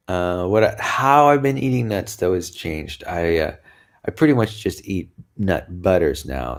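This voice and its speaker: A man talking casually to his viewers in a chatty, rambling way, tired and yawning now and then. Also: deep voice. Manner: chatty, rambling, with frequent laughs and sighs. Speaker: vlogger. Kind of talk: casual chat to camera.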